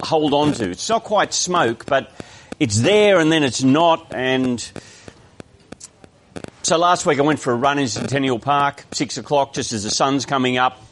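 An Australian man gives a sermon in a church. His middle-pitched voice is easygoing and explanatory. He often restarts his sentences as he talks through the passage. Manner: conversational, explanatory, with frequent restarts. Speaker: preacher.

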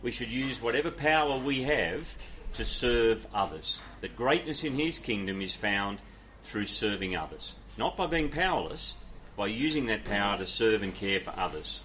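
Answering audience questions during his sermon, the Irish pastor speaks earnestly and conversationally, often restarting and using fillers. His pitch is fairly low and his voice expressive and a bit bright at a moderate pace, with slight background noise.

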